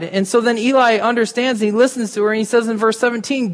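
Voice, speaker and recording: A pastor with a very high voice talks quickly in a steady tone, addressing his congregation directly. The sermon is informal and conversational, captured in a reverberant church hall.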